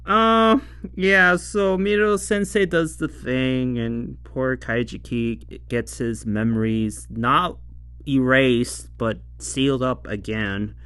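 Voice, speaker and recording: Man, show reviewer, casual rambling talk, slow pace, smooth clear voice, dry sound. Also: mid-range voice, steady tone, fairly bright tone, dry recording. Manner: rambling, laughs often, acts out quotes.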